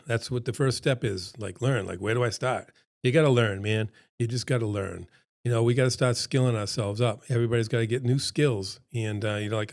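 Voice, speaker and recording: A middle-aged man leads a seminar in a loose, conversational pep-talk manner, circling back to hammer his points home. His voice sits at an ordinary male pitch, with a slightly froggy throat running through it. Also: brisk, creaky. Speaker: seminar presenter. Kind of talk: casual motivational seminar talk.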